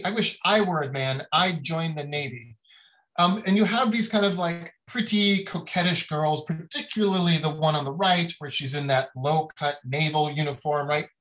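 A man's voice: fairly high pitch, fairly bright tone, poor audio. Chatty man giving a casual lecture. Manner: chatty, with many fillers and acted-out quotes. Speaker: visiting lecturer on design history.

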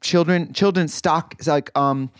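A man co-hosting a comedy podcast, telling a story in a wry, deadpan way. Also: fairly high pitch, takes it slowly, no echo, studio quality. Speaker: podcast co-host.

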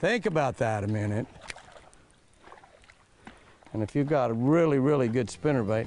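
An older man hosting a fishing show from a boat, talking in a folksy, chatty way and exclaiming loudly as fish strike. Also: medium pitch, expressive, normal speed, long pauses, over music. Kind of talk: excited on-the-water commentary.

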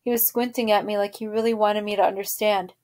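A woman, a teacher, reading a novel aloud to her class in a steady storytelling voice. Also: mid-range voice, quick pace.

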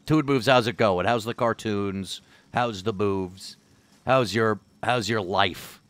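A man's voice: lowish voice, slow, fairly bright tone. A man streaming a game, rambling and joking with his chat between moves. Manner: rambling, jokey, chats with viewers. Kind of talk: casual gameplay commentary.

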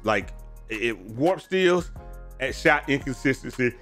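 A man rambling through casual gaming commentary in loose slang, often tacking on "man" and "bro". He sounds tired and keeps yawning, with his voice at an everyday middle pitch. Faint music plays under his talk. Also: animated, a little slow, fairly bright tone. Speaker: gaming streamer. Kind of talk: casual commentary on viewer messages.

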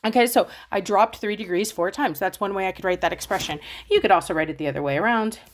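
Casting note: woman math teacher, casual and chatty, mid-pitched voice, playful with her students. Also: fast. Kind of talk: casual explaining math lesson.

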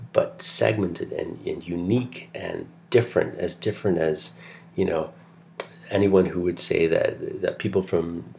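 A man's voice: sits low, vocal fry, darkish tone. A middle-aged man from Canada giving a recorded lecture in a chatty, digressive way, full of fillers and restarts.

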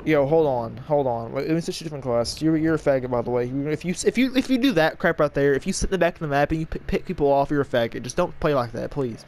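A man giving casual gameplay commentary, talking fast with jumbled words, frequent stutters and restarts. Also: a little high, expressive. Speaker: gaming channel host. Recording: loud gunfire and battle game sounds behind. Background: shooter game audio with gunfire and vehicles.

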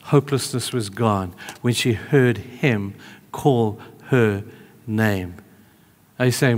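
A man preaching a sermon in a church hall, conversational, moving between emphatic calls and hushed, tender asides. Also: fairly low pitch, slow pace.

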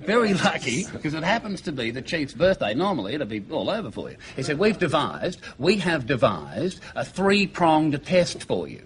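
An Australian man telling jokes on a TV show, lively and full of character voices. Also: on the high side, normal speed, hardly any pauses. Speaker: comedian. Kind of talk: stand-up joke telling.

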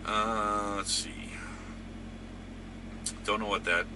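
A man's voice: on the low side, steady tone, slow pace, background noise. A man hosting a trucking channel, chatting casually and rambling through viewer comments with lots of fillers.

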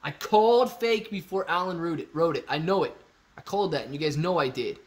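Running a laid-back livestream Q&A, a man reads viewers' comments, gets excited, thinks aloud and repeats himself. He talks a little fast, with a slightly high voice.

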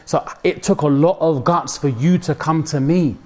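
A man's voice: fairly high pitch, normal speed, darkish tone. A young man giving a mosque talk, casual and slangy, acting out quoted voices as he preaches. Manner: code-switches with slang, dramatic quoted voices.

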